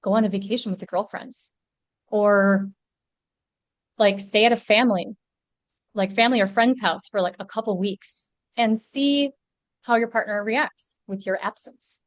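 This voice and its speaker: A woman's voice: mid-range voice, moderate pace, no echo. A woman guest in a casual podcast conversation, talking in a chatty way with lots of "like" fillers. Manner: chatty, many "like" fillers, animated.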